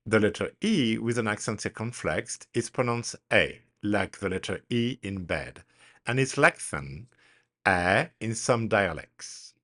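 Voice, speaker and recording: A man teaching French pronunciation, speaking deliberately and spelling words out letter by letter in a slow drill. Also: fairly low pitch, animated, fairly bright tone.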